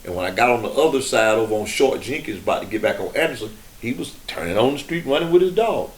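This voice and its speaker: A middle-aged man hosting a podcast, telling a story in an unhurried, conversational way with frequent restarts. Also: mid-range voice, animated. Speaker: podcast host.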